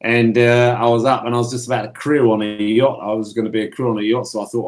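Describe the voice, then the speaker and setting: A man's voice: mid-range voice, level tone, quick pace. A middle-aged man co-hosting a gardening podcast, chatting casually in rambling, self-interrupting sentences. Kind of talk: casual chat.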